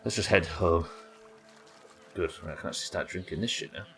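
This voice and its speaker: A man's voice: low-pitched, a little fast, a bit bright, soft background music. A young man with a Yorkshire accent chatting and swearing casually as he plays a game on a live stream and talks to his chat. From Yorkshire, England. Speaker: livestreamer. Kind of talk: casual gameplay commentary.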